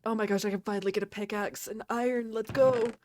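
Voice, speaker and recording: A woman's voice: medium pitch, fairly even intonation, fast talker, darkish tone, a little hiss or hum. A woman streaming and chatting casually while gaming, teasing and laughing often.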